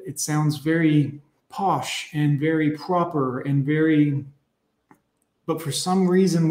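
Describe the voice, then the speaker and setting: Male streamer, blunt and profane, preachy, a bit high-pitched, echoey room. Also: a little mellow. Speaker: streamer reacting to clips and chat. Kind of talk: casual live-stream commentary.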